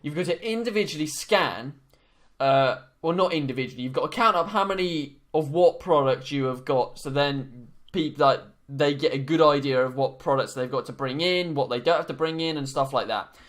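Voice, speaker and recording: Young guy, podcast co-host, slightly higher voice, rambling, casual storyteller. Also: normal speed, fairly bright tone. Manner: rambling, lots of fillers and restarts.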